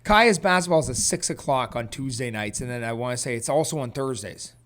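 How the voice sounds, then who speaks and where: A man co-hosting a casual podcast tells a chaotic family story. His pitch sits in the middle, and he jumps around a lot as he acts out other people and laughs. The delivery stays loose and conversational. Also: brisk. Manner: animated storyteller who acts out voices and laughs often. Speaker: podcast co-host.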